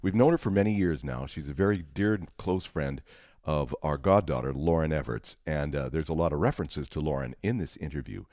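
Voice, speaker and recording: Deep-voiced man co-hosting a chatty podcast. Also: fairly quick, darkish tone, no echo, studio quality. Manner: joking, laughs often. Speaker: podcast co-host. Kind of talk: casual chat.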